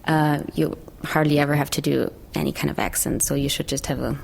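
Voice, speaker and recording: Low, gravelly-voiced woman. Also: steady tone, fairly quick, a little hiss or hum. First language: German. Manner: casual, fluent, with you-knows. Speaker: dubbing actress. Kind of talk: interview answers.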